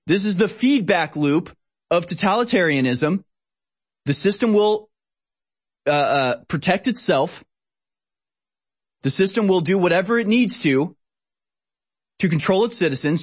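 A man's voice: high-pitched, breathy edge. A male host giving political commentary over a video clip, emphatic and preachy, repeating phrases for effect.

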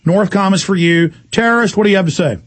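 A man hosting a call-in radio show, ranting fast and indignantly and mocking officials in put-on voices. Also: sits high, no room sound. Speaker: radio talk show host.

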